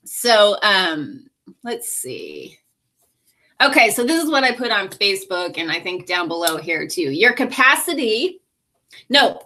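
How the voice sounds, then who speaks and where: Bright-voiced chatty woman vlogger. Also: medium pitch, sing-song, a little slow. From California. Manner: chatty and candid, laughs often, self-corrects aloud. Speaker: vlogger and podcast host. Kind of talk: casual talking-head vlog.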